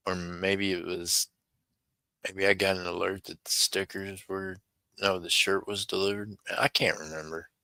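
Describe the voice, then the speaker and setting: A man's voice: sits low, level tone, unhurried, bright, forceful tone, clean tone, no room sound, poor audio. A man chatting casually on his own livestream, rambling and talking to viewers by name. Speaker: livestream seller.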